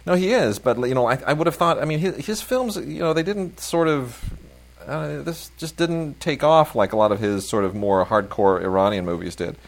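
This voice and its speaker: A man's voice: medium pitch, normal speed. A man co-hosting a film podcast, chatting enthusiastically and rambling with many fillers about new releases.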